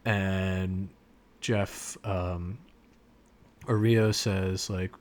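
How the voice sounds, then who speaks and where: A man's voice: low voice, steady tone, takes it slowly. A man co-hosting a podcast, retelling a scene in casual chat with lots of fillers and restarts. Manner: rambling, many fillers and restarts. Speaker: podcast co-host.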